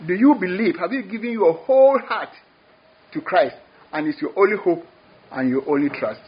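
A man's voice: sits high, animated, normal speed, slightly rough. A man preaching a sermon, emphatic, often repeating words as he builds his points. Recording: dull lo-fi recording.

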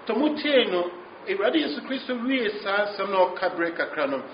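High-voiced Ghanaian preacher, echoey. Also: male voice, sing-song, fairly quick, slight background noise. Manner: emphatic preaching, switching back and forth between English and Twi. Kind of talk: sermon. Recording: echoey, dull lo-fi recording.

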